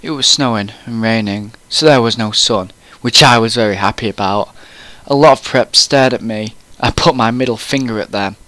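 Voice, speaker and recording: A man's voice: lowish voice, normal speed, sharp tone, dry recording. A man reading a fan story aloud in a comic, mock-serious way, often breaking into laughter.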